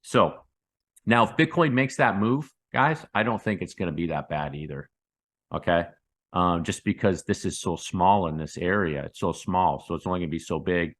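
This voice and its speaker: A man hosting a casual chart commentary, rambling and repeating himself, calling his viewers guys and breaking into excited bursts. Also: low voice, moderate pace. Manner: excitable bursts with sound effects. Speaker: crypto channel host.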